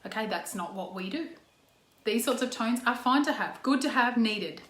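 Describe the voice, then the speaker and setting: A woman's voice: on the high side, animated, normal speed, a bit bright. An Australian woman in a casual talk to camera as a parenting coach, chatty, with frequent "okay" and "um", acting out example tones. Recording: echoey room.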